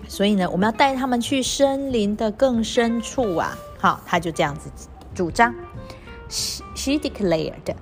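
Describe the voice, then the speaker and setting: A woman teaching English through a storybook, reading lines slowly and spelling words out letter by letter. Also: on the high side, expressive, faint music behind. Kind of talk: storybook reading lesson with explanations.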